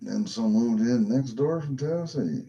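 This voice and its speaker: A middle-aged man with a mid-range, warm voice chats casually with his livestream viewers at a normal pace, sounding animated. He rambles and swears, with plenty of fillers and restarts. The audio is dull.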